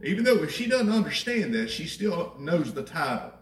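Very animated and moving at a moderate pace, a pastor delivers a sermon in a high voice, engaging the congregation in conversation and repeating lines for emphasis while asking rhetorical questions. The distant mic picks up plenty of echo from the sanctuary.

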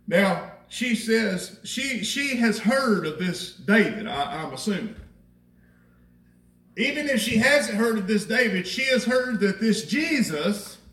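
In a roomy, echoing church, a male pastor preaches from some distance to the mic, his high voice slightly bright. He speaks conversationally with his congregation, leaning on rhetorical questions and repeated phrases for emphasis.

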